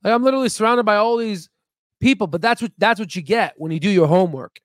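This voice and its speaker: Man, stock video host, higher voice, dry close sound, rambling, repeats himself, excitable. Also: fast, no room sound. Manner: rambling, repetitive, emphatic; self-promoting, excitable. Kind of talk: casual screen-share commentary.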